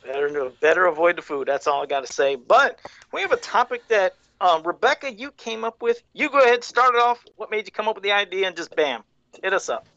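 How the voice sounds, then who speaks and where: A woman's voice: medium pitch, lively intonation, a little fast, fairly bright tone, no room sound. A woman co-hosting a podcast in casual chat, blunt and swearing freely. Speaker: podcast co-host. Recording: dull, dry lo-fi audio.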